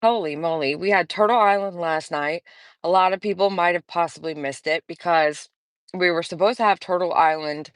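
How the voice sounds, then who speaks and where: A woman's voice: fairly low pitch, no room sound, clean studio sound. A woman hosting a casual live stream, chatting in a rambling way and greeting viewers by name. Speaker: livestream host.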